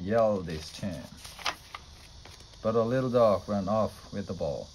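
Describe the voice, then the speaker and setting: A man with a fairly low voice reads a children's storybook aloud. His reading is steady and plain. He tells the story at an easy pace, line by line. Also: unhurried, a little hiss or hum, poor audio. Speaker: storybook reader.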